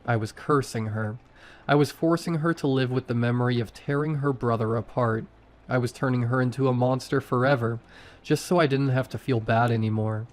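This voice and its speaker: A man's voice: medium pitch, fairly quick. A man narrating a first-person horror story in short, tense sentences.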